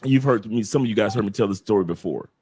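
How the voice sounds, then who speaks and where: A man's voice: on the low side, quick pace, dark tone, breathy edge, dry recording, clean studio sound. A man from the United States, a podcast guest talking casually and emphatically, lecturing the audience directly.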